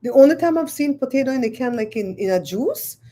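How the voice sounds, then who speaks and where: A woman, hosting a livestream and chatting with viewers, telling stories in an animated, exclaiming way. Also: sits high, a little fast. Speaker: livestream host. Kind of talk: casual chat with live viewers.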